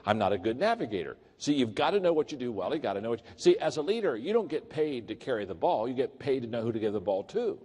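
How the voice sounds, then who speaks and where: A man giving a leadership keynote, telling stories in an animated way and acting out the quotes. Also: medium pitch, fast talker, few pauses, husky. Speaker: leadership speaker. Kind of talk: keynote storytelling. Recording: echoey hall.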